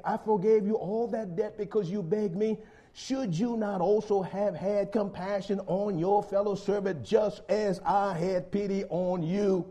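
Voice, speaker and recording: A man preaches to his congregation in a high but mellow voice. He hammers key phrases loudly, then sinks to low, quiet asides. He keeps calling his listeners folks. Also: husky. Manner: swings between loud stressed phrases and low quiet asides. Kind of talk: sermon.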